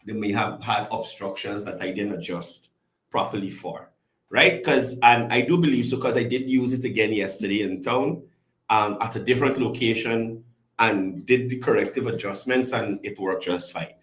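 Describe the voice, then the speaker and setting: A man's voice: fairly low pitch, moderate pace, roomy sound. A man hosting a commentary show, chatting and greeting viewers by name. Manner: chatty, greets viewers by name, lively rising and falling delivery. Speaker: host. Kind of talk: casual call-in style commentary show.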